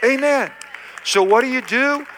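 Forceful older male pastor preaching. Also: very high voice, a little slow, a little hiss or hum. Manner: emphatic, repetitive preaching with call-and-response. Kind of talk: sermon. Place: church sanctuary.

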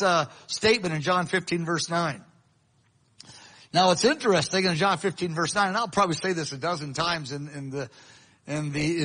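A man's voice: high-pitched, a bit bright, husky, low-quality recording. A man preaching a sermon in a conversational way, with restarts and acted-out quotes. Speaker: pastor. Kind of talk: sermon teaching.

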